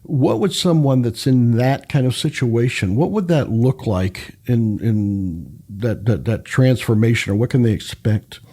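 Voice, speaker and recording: A man's voice: medium pitch, expressive, unhurried, few pauses, dark tone, husky. A man hosting a radio interview show, asking long questions that he works out as he goes. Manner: hesitant, many fillers and restarts.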